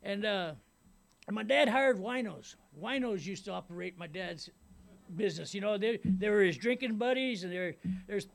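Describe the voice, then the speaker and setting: A middle-aged man from Ventura County, California, giving a personal testimony as a rambling storyteller who repeats himself and keeps saying "you know what I mean". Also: sits high. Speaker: speaker sharing his recovery story.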